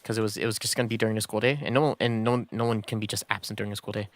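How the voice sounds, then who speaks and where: A man's voice: fairly low pitch, level tone, rapid-fire, dry recording. Guy streamer rambling thru a story, lots of um and like, dry mic sound. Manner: rambling, full of fillers and restarts. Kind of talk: casual storytelling while gaming.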